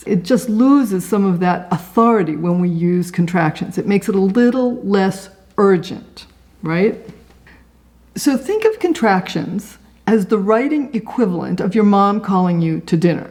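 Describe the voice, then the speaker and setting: A woman's voice: mid-range voice, expressive, unhurried, a little mellow. Friendly woman teaching writing. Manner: conversational, asks the listener rhetorical questions. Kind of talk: casual instructional talk.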